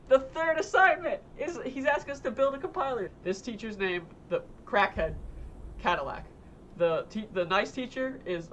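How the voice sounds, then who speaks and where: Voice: mid-range voice, a bit bright, slight background noise. A young adult streamer chatting casually while gaming, telling long rambling stories full of fillers and swearing.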